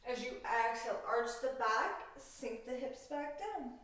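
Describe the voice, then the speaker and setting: A woman leading a vinyasa yoga class, calmly cueing breaths and poses with a playful aside now and then. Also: fairly high pitch, unhurried, recorded from a distance. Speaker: yoga instructor. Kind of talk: guided yoga class instruction. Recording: roomy echo, voice from off mic.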